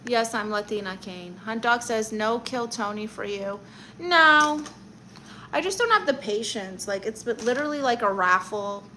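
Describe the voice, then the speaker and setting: Woman streamer-comic, casual chat-reading, teasing delivery, bright higher voice, faint room noise. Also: moderate pace, hardly any pauses, rough recording. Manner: sassy, teasing banter with viewers. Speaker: livestream host reading chat; stand-up comedian.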